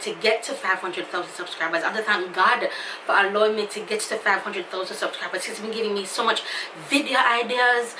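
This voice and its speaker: A woman's voice: mid-range voice, moderate pace, bright, forceful tone, far from the mic, a little hiss or hum. A woman with a Jamaican accent talking to her viewers in a casual, emotional, effusive vlog. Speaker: YouTuber. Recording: echoey room, somewhat off-mic.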